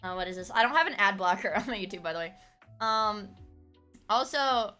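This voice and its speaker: A woman streamer chatting casually with her viewers, laughing often and breaking into sudden shouts. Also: mid-range voice, fast, clear, resonant tone, soft background music. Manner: animated, laughing, bursts into shouting. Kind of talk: casual chat.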